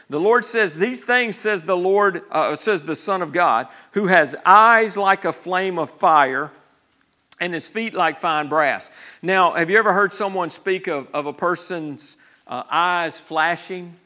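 Pastor guy preaching, high bright voice, keeps restarting and asking amen?. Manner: conversational preaching with frequent restarts and repeated words; asks the congregation for responses. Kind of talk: sermon.

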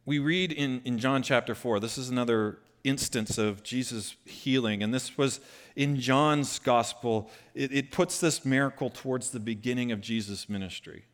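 A man's voice: medium pitch, normal speed, few pauses. Man preaching a casual sermon. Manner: conversational, animated when retelling scripture. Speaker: pastor.

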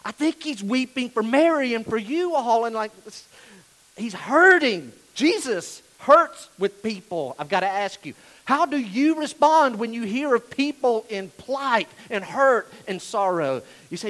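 High-voiced man preaching, hushed to emphatic. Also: big pitch swings, unhurried, low-quality recording. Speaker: pastor. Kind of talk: sermon.

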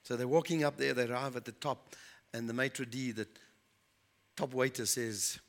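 A man's voice: mid-range voice, fairly even intonation, normal speed. A man preaching a sermon in an earnest storytelling manner, repeating points for emphasis.

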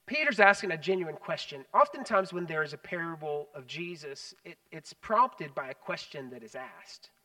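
A man preaching a sermon as pastor, animated, swinging between loud emphasis and hushed asides. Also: on the high side, normal speed, few pauses, far from the mic, low-quality recording. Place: church sanctuary.

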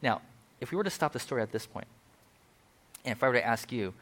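Male pastor with a mid-range voice, preaching in a relaxed, talky way. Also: medium pitch, fast talker, pauses often. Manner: chatty, with asides and acted-out quotes. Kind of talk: conversational sermon.

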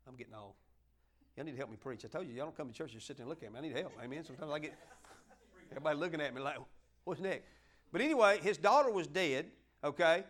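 High-voiced, folksy man preaching. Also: expressive, racing, a bit bright. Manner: folksy, joking with the congregation, stumbles and asks for help. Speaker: pastor. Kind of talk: sermon.

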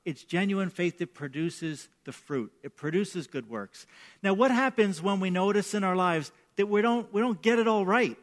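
A man's voice: high voice, expressive, moderate pace. A man preaching a sermon as pastor, telling personal stories in a conversational way and often checking in with "right?". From New York. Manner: conversational storytelling with repeated "right?".

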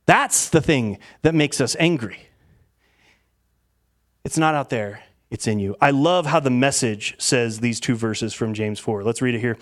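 A man, a pastor, preaching a sermon in an animated way, acting out everyday voices to make his points. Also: medium pitch, normal speed.

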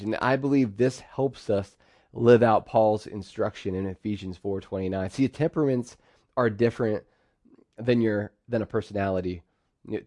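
A man with a fairly low voice delivers a sermon in a close, dry recording. He talks in a lively way and now and then acts out quoted phrases in sudden bursts. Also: no echo. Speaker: pastor.

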